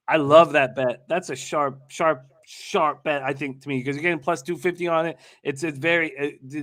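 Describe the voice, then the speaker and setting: A young man co-hosts a sports betting watch party, chatting loosely with constant fillers and restarts. His voice sits a little high. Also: fairly bright tone. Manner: rambling, frequent fillers and restarts. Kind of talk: casual chat.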